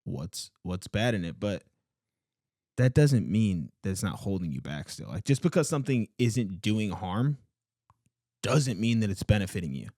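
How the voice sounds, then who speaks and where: A man's voice: lowish voice, animated, moderate pace, darkish tone, no echo. Earnest man co-hosting, dry close sound. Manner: earnest, filler-heavy, emphatic. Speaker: podcast co-host. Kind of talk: casual podcast chat.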